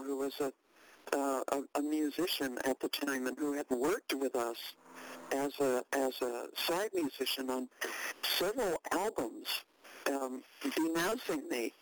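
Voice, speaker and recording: Low, unhurried older woman, dry and halting. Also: no echo, rough recording. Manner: halting and measured, with many fillers and restarts; wry, dry understatement. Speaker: interviewee. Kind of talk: recounting a past event in an interview.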